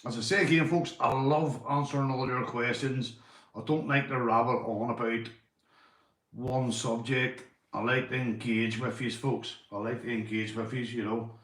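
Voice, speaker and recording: A man's voice: mid-range voice, steady tone, normal speed, fairly bright tone. Northern Irish male streamer, casual and repetitive, some swearing, echoey room. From Northern Ireland. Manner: rambling, repeats phrases, swears casually. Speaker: livestreamer. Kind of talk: casual livestream chat.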